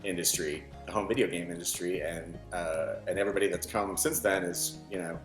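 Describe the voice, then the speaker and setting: A man, a novelist, speaking in a documentary interview, relaxed and halting with many fillers. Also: deep voice, soft background music. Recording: roomy echo.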